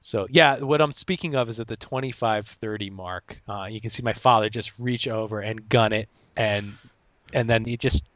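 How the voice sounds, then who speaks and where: A man's voice: lowish voice, normal speed, fairly bright tone, no room sound, muffled recording. Dry-sounding man hosting a casual chat. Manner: rambling, with many restarts and laughs. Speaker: podcast host.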